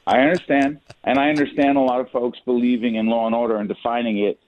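A man appearing as a guest on a radio show, speaking earnestly and pressing his point in a measured way. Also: medium pitch, little pitch movement. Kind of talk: talk radio interview. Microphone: phone. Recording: tinny phone line, dry.

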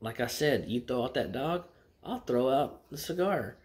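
A man voicing a blunt, rich Texan who talks gruffly and brusquely. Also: medium pitch, animated, moderate pace, a little mellow, pitched above the performer's own voice, natural voice. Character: blunt rich male Texan, cigar smoker.

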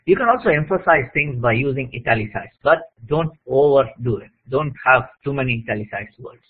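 A husky-voiced man lectures over slides at a middle pitch, pausing often to check in with his listeners. The recording is thin and tinny, like audio over a phone line. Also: expressive. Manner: plain teaching tone with frequent "okay?" check-ins.

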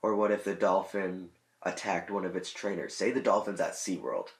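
A man with a low voice chats loosely and jokes as he weighs silly choices. He rambles and trails off into mumbles. The room around him rings with echo. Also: steady tone, normal speed. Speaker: gaming channel host. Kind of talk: casual chat. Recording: echoey room.

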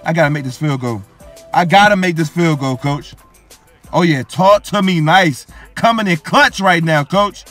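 A man's voice: on the high side, normal speed, a bit bright, faint music behind. Hyped young man bragging over gameplay. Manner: hyped, boastful, repeats phrases ending in "coach" and "yo". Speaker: gaming YouTuber. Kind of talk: live gameplay commentary.

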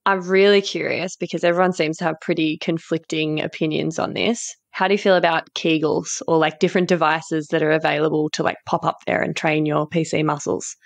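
A lower-voiced woman hosts a casual podcast chat. She is frank, emotional and quick to laugh, and she swears freely. The recording is dry and close. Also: flat delivery, gravelly, no echo. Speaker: podcast host, sex coach.

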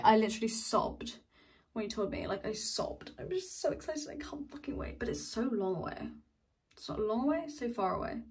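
In a home vlog, a woman in her twenties chats casually indoors, rambling, trailing off and swearing freely. Her mid-range voice is a little mellow and sounds far from the mic.

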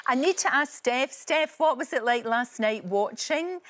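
A woman's voice: sits high, expressive, unhurried, fairly bright tone. A woman hosting a live morning TV chat, gushing and laughing often. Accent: Scottish. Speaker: morning TV host.

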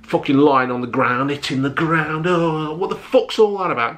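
A middle-aged man, ranting bluntly to camera in a vlog, swearing heavily and flaring up loudly. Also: a little high, moderate pace. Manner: blunt, heavy swearing, rising to shouty outbursts. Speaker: vlogger.

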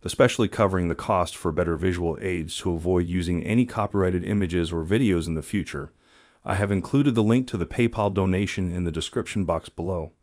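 A man's voice: sits low, brisk, darkish tone, no room sound, clean studio sound. A man narrating a video compilation from a script in a plain, earnest manner. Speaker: channel narrator presenting clips.

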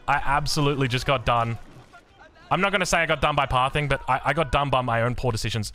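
An Australian man talking through a strategy game as he plays it. His voice sits at a mid pitch, and he swears freely, shouting in frustration one moment and dropping to a low mutter the next. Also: quick pace. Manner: excitable, swears, swings from yelling to muttering. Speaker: gameplay streamer. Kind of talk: live gameplay commentary.

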